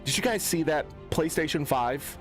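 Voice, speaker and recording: Young male streamer, a slightly high voice, in a loud, cursing, exasperated tech rant over faint music. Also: expressive, moderate pace. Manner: profane, exasperated ranting with swings in pitch. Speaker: gaming streamer. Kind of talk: angry off-the-cuff stream rant.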